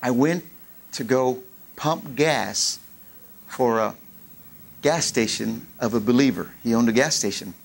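A middle-aged man preaching a sermon, lively, acting out old conversations as he tells his story. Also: medium pitch, measured pace, vocal fry, long pauses. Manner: animated, acts out dialogue in raised voice. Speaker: pastor.

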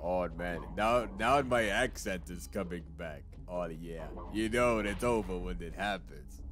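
A man giving let's play commentary, excitable and talking to himself as he plays. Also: low voice, unhurried. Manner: excitable, talks to himself while playing. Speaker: gaming channel host.

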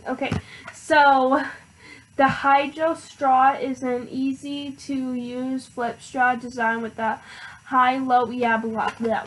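A teenage girl vlogging an unboxing, hyper and excitable, with lots of filler words. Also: high-pitched, a little hiss or hum, low-quality recording. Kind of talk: casual unboxing vlog.

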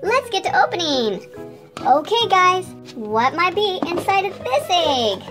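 A woman hosting a toy channel, reading a children's storybook aloud in a bright, sing-song manner. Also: extremely high pitch, very animated, measured pace, music in the background.

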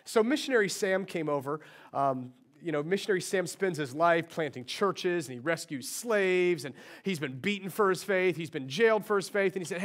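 A middle-aged man preaching from a church stage, his voice pitched high for a man. He tells his story with animated energy, acting out the back-and-forth of conversations as he goes. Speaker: pastor. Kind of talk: sermon. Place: church sanctuary.

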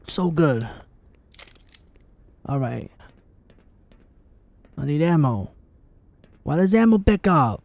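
A man giving excitable let's play commentary, swearing often and taunting his enemies as he plays. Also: fairly high pitch, takes it slowly, gravelly, long pauses, dry recording. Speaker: gaming channel host.

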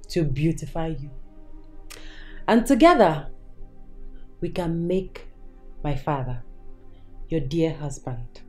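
An actress playing a young stylist who speaks calmly and persuasively. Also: female voice, deep voice, slow, pauses often, faint music behind.

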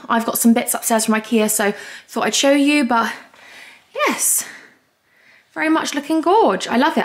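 A young woman chatting casually to camera at home, bubbly and rambling, a little out of breath. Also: on the high side. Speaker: vlogger. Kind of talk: casual vlog chat. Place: at home indoors.

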